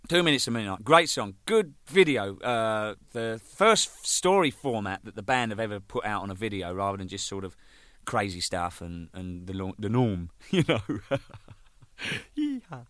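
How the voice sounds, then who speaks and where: An older man, a band's drummer, telling rambling, profane stories, laughing and acting out the shouting in them. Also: lowish voice, no room sound, studio quality. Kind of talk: casual anecdotal storytelling.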